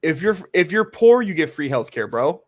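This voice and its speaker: A man's voice: fairly high pitch, sing-song, moderate pace. A man in a casual podcast debate, insistent, repeating words and saying "like" often. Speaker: podcast panelist.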